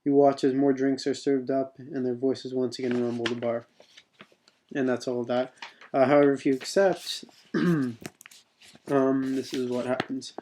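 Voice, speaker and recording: A man's voice: medium pitch, little pitch movement, unhurried, long pauses, dark tone, slight background noise. A man reading his own second-person adventure text aloud, unpolished, with spoken asides.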